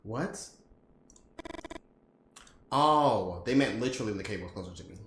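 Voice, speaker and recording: A man's voice: on the low side, lively intonation, normal speed, reverberant, noisy background. A man hosting a gaming let's-play, joking, swearing and talking straight to his viewers. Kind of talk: casual game commentary.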